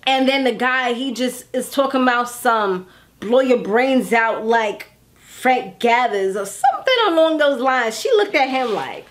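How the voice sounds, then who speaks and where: A woman in her thirties casually recapping a TV episode in a chatty, animated way, acting out characters' lines as she goes. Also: on the high side, unhurried. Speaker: TV recap vlogger. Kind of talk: casual chat.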